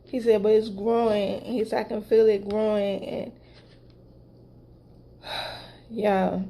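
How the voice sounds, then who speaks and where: Slow, mellow-voiced woman vlogger. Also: mid-range voice, level tone, creaky, slight background noise. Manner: chatty, retelling conversations with many asides. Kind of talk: casual storytelling to viewers.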